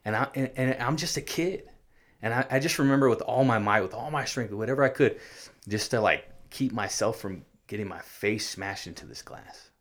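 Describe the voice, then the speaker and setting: A man from California, earnestly recounting his own hard childhood as an interview guest, halting and restarting often. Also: mid-range voice, a bit bright. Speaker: guest sharing his life story. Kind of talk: personal storytelling in an interview.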